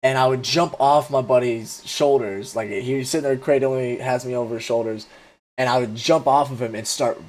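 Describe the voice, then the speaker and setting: A man's voice: mid-range voice, steady tone, moderate pace, a little mellow. A man in his twenties casually telling a rambling, profane story, full of fillers and restarts. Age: 20s. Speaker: vlogger.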